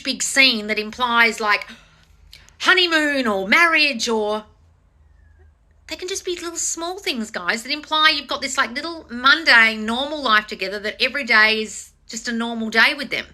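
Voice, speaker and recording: A woman hosting a live stream as a manifestation coach, answering viewer comments bluntly with lots of swearing and mocking impressions. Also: a little high. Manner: blunt and sweary, with frequent mocking put-on voices; animated, teasing, talks straight to viewers.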